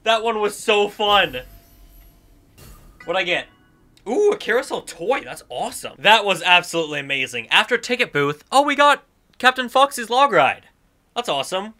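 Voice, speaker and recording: A young man giving excited let's-play commentary, exclaiming and talking to himself while he plays a video game. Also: high voice. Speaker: gaming YouTuber.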